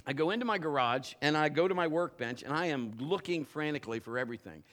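A male pastor with a slightly higher voice preaches to a live congregation. He tells a homely story full of restarts and wry self-mockery, and his delivery climbs when he makes his point. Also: quick pace. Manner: animated storyteller, restarts, self-mocking humor. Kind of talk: sermon with a personal story. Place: church before a congregation.

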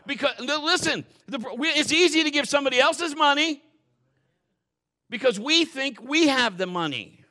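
Bright-voiced joking preacher man. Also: very high-pitched, expressive, moderate pace. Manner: folksy, joking preaching that swings from quiet asides to loud, fervent passages. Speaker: pastor. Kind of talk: sermon. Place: church.

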